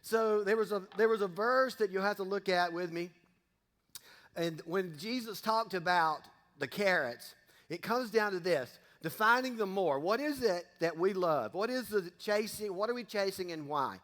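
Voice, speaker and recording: A man's voice: high-pitched, moderate pace, fairly bright tone. A middle-aged man, giving a casual sermon, folksy and joking with the congregation. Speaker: pastor. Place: church sanctuary. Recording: long reverb of a church hall.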